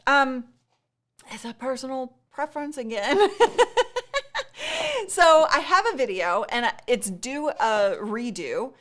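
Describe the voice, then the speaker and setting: A woman's voice: fairly high pitch, takes it slowly, fairly bright tone. A woman hosting a casual live stream Q&A, talking in a heartfelt, rambling way with many fillers and restarts, and laughing often.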